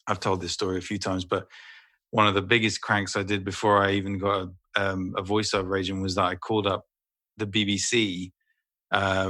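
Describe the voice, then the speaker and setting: A middle-aged actor telling a story as a guest in a casual interview, animated and swearing freely. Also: male voice, fairly low pitch.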